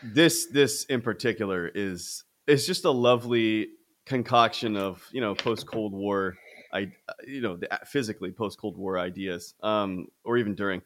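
A man's voice: fairly low pitch, normal speed, fairly bright tone. A man co-hosting a podcast, chatting casually about films, rambling with many restarts and bursts of enthusiasm. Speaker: podcast co-host. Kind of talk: casual film discussion.

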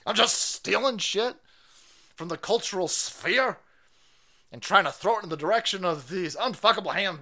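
A man's voice: high-pitched, bright, forceful tone. A man hosting a livestream, ranting in profane political commentary with a mocking, sarcastic manner and frequent laughter. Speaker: livestream host.

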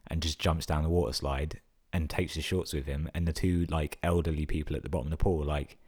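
A man's voice: a bass voice, fairly even intonation, brisk, a little mellow, breathy edge. A young man tells stories casually, swearing a lot and filling his talk with 'like'. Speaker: vlogger telling stories. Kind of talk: casual storytelling.

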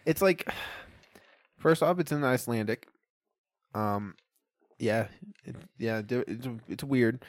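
A young man in casual chat, retelling a film plot in an animated, profane way. He laughs often and acts out the characters' lines. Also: mid-range voice, takes it slowly, long pauses, dry recording. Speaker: podcast co-host.

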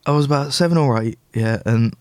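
A man's voice: mid-range voice, brisk, clear, resonant tone. A man, telling childhood stories in a casual chat as a podcast co-host and acting out the dialogue. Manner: animated storyteller who acts out quoted dialogue.

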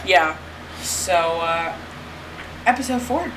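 Female podcast co-host, mid pitch, rambling and giggly, noisy track. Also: normal speed. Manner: rambling, repeats phrases, laughs often. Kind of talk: casual chat. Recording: background noise on the track.

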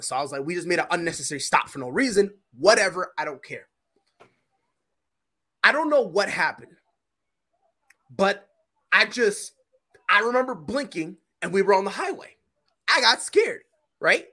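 A young man hosting a podcast, telling a long story in casual chat, swinging from low mumbles to loud shouts. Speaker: podcast host.

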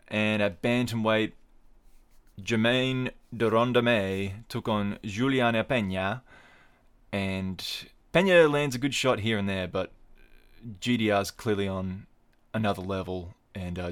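Male podcast host, lower voice, dry jokey tangents while he runs through results. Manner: wry, digressive, jokey asides. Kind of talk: casual solo podcast commentary.

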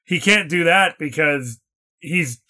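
A man co-hosting a casual chat, joking and quick-witted. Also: on the high side, expressive, pushed and bright. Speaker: podcast co-host.

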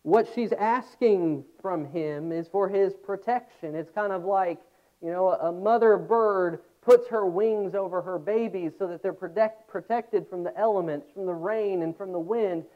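A man's voice: sits high, measured pace. Earnest man preaching, tinny sound. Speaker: pastor. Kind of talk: sermon.

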